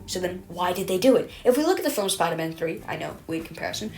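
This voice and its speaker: A woman narrating her own film-critique voice-over in a rambling, self-deprecating way. She trips over words now and then and corrects herself as she goes. Faint music plays underneath. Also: mid-range voice. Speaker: video essayist. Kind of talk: scripted commentary voice-over.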